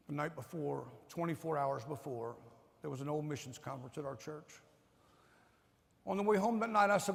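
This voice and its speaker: A man giving a sermon testimony in a church, telling the story with emotion and swinging from loud to hushed. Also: fairly high pitch, a little fast, vocal fry. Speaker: guest speaker at a church. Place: church sanctuary. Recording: long reverb of a large hall.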